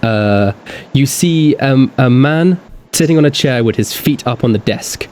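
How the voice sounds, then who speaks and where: A man running a tabletop game, his voice sitting in a middle pitch. He describes scenes haltingly, with many uhs and likes. A faint background hiss is present. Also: lively intonation, a little mellow. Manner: halting descriptions full of fillers. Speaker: game master.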